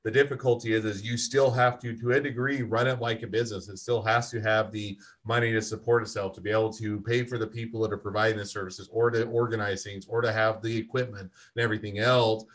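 A man's voice: fairly low pitch, level tone, fast talker, hardly any pauses. A man hosting a podcast interview, talking in a thoughtful, rambling way with fillers. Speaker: podcast host. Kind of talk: interview conversation.

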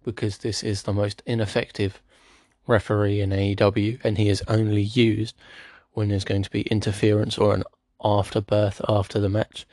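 A man's voice: fairly low pitch, level tone, moderate pace, darkish tone, no echo. A man giving a casual spoken recap of a wrestling show, with dry, sarcastic asides.

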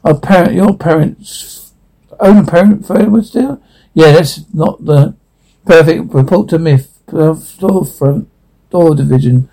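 A man's voice: a little high, takes it slowly, creaky, mellow, rough recording. A man reading a cartoon script aloud, switching between character voices, reading out the stage directions and stumbling into frequent restarts. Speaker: script reader.

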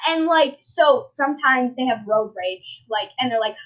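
A woman's voice: high-pitched, animated, moderate pace, fairly bright tone. Young woman rambling on a podcast, lots of ums and likes, muffled lo-fi mic. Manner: rambling storyteller, many fillers and restarts. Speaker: podcast host. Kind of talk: casual chat. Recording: dull lo-fi sound.

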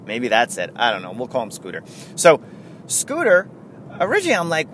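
A man hosts a casual sports podcast, thinking out loud and correcting himself as he goes. His pitch swings about freely and with energy. A faint hum of background noise sits under his voice. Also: very animated, fairly quick. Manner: rambling, self-correcting, chatty. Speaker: podcast host.

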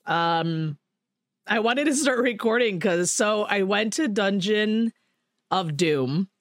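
A woman hosting a casual podcast, telling a long story in a loose, rambling way, swearing freely and laughing along. Her voice sits at an ordinary middle pitch and sounds dry and close, with no room around it. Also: expressive, takes it slowly, no room sound. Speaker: podcast host. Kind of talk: casual chat.

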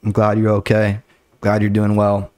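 A man's voice: on the low side, completely flat delivery, normal speed, darkish tone, no echo. A young man hosting a podcast, telling a story in a casual way, full of slang and swearing. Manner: laid-back, heavy slang and swearing, retells his own lines. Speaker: podcast host.

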